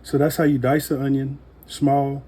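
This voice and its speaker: A man giving a casual cooking demonstration in a relaxed, folksy way with joking asides. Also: medium pitch, moderate pace, slightly rough. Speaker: home cook demonstrating knife skills.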